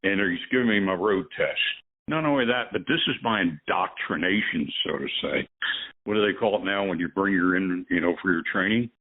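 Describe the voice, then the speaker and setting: Older man with a husky voice, phone line. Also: low voice, a little fast. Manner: rambling, chuckling storyteller. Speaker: guest, veteran truck driver. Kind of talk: telling stories in a casual conversation.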